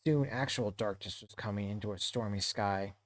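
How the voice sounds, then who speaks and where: A man streaming to a book club, reading a novel aloud in a halting way and often correcting himself. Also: lowish voice, dry recording. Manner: halting read-aloud with frequent self-corrections.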